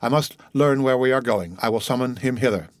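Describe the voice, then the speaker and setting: A man reading an audiobook, voicing a mysterious, wealthy nobleman who speaks in a measured, commanding way. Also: medium pitch, dry recording, clean studio sound, natural voice. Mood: calm. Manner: measured, composed, authoritative.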